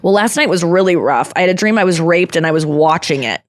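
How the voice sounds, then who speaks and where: A woman hosting a podcast in casual chat, candid and confessional, talking quickly with laughs and nursing an irritated throat. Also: on the low side, lively intonation, no echo, clean studio sound. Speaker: podcast host.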